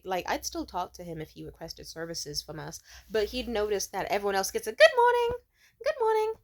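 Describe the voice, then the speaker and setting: A young woman vlogger sitting at home, telling a rambling, profane story full of "like" fillers. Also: medium pitch. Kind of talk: casual storytelling rant.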